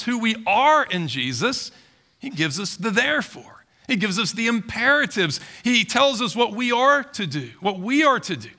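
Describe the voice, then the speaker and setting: High, gravelly-voiced man preaching a sermon. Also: bright, forceful tone. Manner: earnest, emphatic preaching with repeated phrases. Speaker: pastor.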